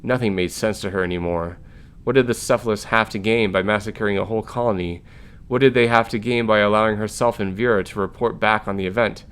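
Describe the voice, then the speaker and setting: A man reviewing a story game, narrating its text aloud in an even, plain way. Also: lowish voice, fairly quick, clear, resonant tone.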